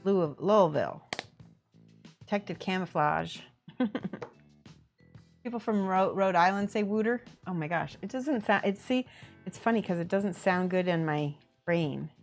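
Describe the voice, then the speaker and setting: A woman's voice: fairly low pitch, unhurried, pauses often, faint music behind. A woman painting miniatures on a stream, chatting casually, reading chat aloud and laughing often. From American Midwest. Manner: chatty, laughs often, plays with word pronunciations.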